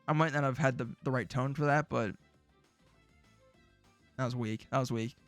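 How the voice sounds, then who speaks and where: A man's voice: medium pitch, fairly even intonation, moderate pace, a bit bright, soft background music. A man streaming casually, reacting to old predictions with jokey, sarcastic remarks.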